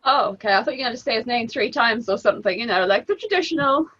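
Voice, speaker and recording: High, quick-talking woman chiming in. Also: lively intonation, bright, forceful tone, far from the mic. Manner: quick interjections, laughing along. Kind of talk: casual chat. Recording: dull lo-fi sound.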